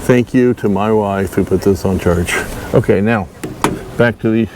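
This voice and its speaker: A folksy man chats slowly to the camera while he works on a trailer outdoors. He talks in an easygoing, self-mocking way and chuckles at his own mistakes. Faint outdoor noise sits behind him. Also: lowish voice, darkish tone. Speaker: channel host doing a boat trailer fix-up. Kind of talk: casual DIY vlog talk to camera.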